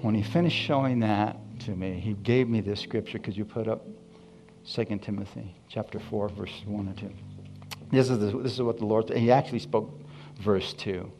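Animated male preacher. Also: on the low side, moderate pace, faint music behind. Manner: animated storytelling, acting out dialogue. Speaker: pastor. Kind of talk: sermon.

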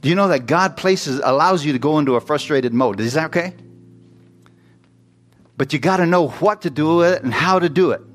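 A man's voice: on the high side, expressive, brisk. A man preaching a sermon, reading scripture aloud and putting questions and jokes to the congregation. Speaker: pastor.

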